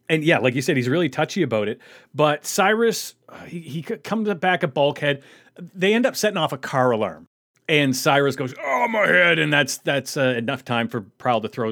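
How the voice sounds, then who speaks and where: A man's voice: medium pitch, a bit bright. A man co-hosting a podcast, chatting casually and recapping a cartoon episode, loose and joking with some swearing and frequent laughs. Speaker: podcast co-host.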